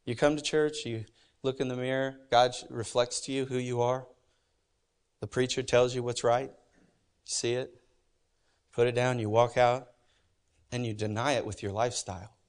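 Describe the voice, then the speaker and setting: A pastor preaching a sermon in a church, animated and emphatic, with joking asides. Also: male voice, medium pitch, moderate pace, pauses often. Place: church sanctuary.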